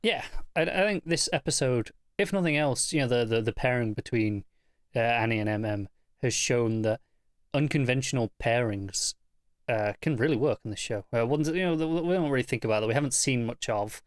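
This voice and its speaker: A man's voice: mid-range voice, expressive, a little fast, no echo, clean studio sound. A man co-hosting a TV review podcast in casual chat, often stumbling over repeated words before making an emphatic point. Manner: stammering restarts, emphatic.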